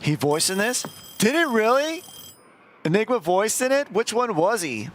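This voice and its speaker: A man streaming a horror game, loud, crude and excitable as he comments on it. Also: high voice, moderate pace, a little hiss or hum. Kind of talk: casual gaming commentary.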